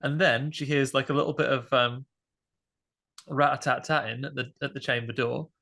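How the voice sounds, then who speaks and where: A man's voice: mid-range voice, steady tone, normal speed, vocal fry, bright, forceful tone. A man co-hosting a casual film podcast, joking and bantering. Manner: jokey, playful banter. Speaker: podcast co-host.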